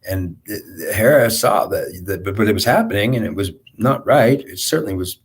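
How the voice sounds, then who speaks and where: A man talks through a spiritual monologue in a low, husky voice. He rambles, stopping and restarting his sentences and repeating himself as he goes. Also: expressive, brisk.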